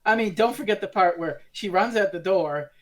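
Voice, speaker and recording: A woman's voice: medium pitch, moderate pace. A woman co-hosting a podcast in casual chat, blunt and swearing freely as she recaps. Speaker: podcast co-host.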